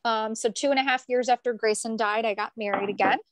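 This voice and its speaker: Young woman guest, high-ish voice, dry close recording, heartfelt and repetitive for emphasis. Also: steady tone, fast, dry recording. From United States. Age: young adult. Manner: earnest, repeats phrases for emphasis. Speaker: podcast guest, author. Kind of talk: emotional personal storytelling.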